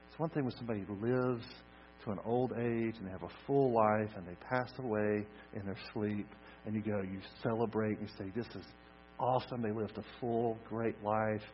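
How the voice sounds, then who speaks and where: A man preaching a sermon, swinging from loud emphasis to soft, hushed lines. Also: on the low side, fairly even intonation, moderate pace. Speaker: pastor. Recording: dull lo-fi recording with mains hum.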